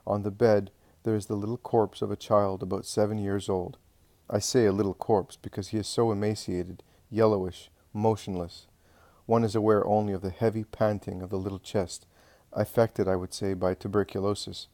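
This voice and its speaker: A man giving an earnest, measured scripted reading of a religious narrative. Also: lowish voice, fairly even intonation, warm tone, dry recording.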